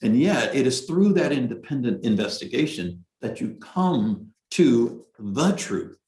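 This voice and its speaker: A man's voice: medium pitch, very animated, measured pace, a little mellow. A man reading religious passages aloud and repeating them with emphasis, then commenting on them. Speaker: speaker at a Bahá'í devotional. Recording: echoey room.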